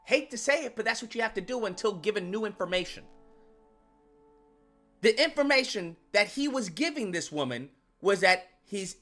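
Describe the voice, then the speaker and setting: A man's voice: high-pitched, pushed and bright. A man hosting his own channel, delivering an emphatic, profane commentary rant and repeating lines for effect.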